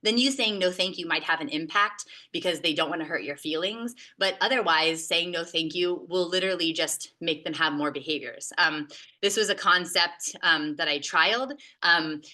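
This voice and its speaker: A woman presenting a talk to educators, her voice bright and forward with a fairly low pitch. She speaks in a loose, conversational way, pausing often and filling gaps with hesitations. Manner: conversational, hesitant with many filler sounds. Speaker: behavior support presenter. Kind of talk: recorded teaching presentation.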